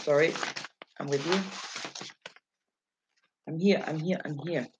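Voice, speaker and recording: A woman's voice: low-pitched, steady tone, slow, background noise. A woman hosting a casual livestream, rambling and laughing as she answers chat messages from her viewers. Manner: giggly, rambling, self-mocking. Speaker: livestream host.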